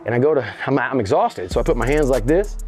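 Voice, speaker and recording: A man telling a story in a casual interview, animated, slangy and profane, often repeating himself. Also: medium pitch, fast talker, soft background music. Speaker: interview guest.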